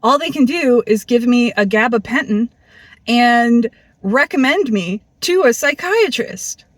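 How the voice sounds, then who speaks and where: A woman's voice: on the high side, measured pace, no echo. A woman telling a personal story in a candid, blunt monologue, swearing freely and acting out the people she quotes. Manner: blunt, profane, animated, acts out quoted people.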